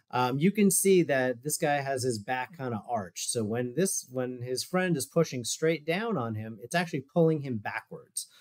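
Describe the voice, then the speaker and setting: A man, a physical therapist, giving a loose, conversational talk over a video call while walking through exercise videos, with fillers and asides. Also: medium pitch. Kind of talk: casual presentation over shared screen.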